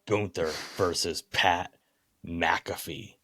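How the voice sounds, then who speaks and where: A man's voice: low-pitched, fairly even intonation, slow pace, fairly bright tone, no echo, studio quality. A man co-hosting a casual wrestling podcast, playfully building up his predictions like a ring announcer. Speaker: podcast co-host.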